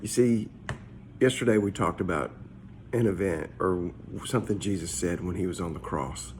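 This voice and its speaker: A pastor with a low, darkish voice gives a short, casual morning devotional at a moderate pace. He talks conversationally and searchingly, often repeating his words, with slight background noise.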